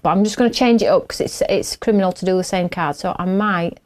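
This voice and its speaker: A woman's voice: mid-range voice, quick pace, darkish tone. A middle-aged woman, chatting and laughing as she hosts a craft show while she works. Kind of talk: casual chat while crafting.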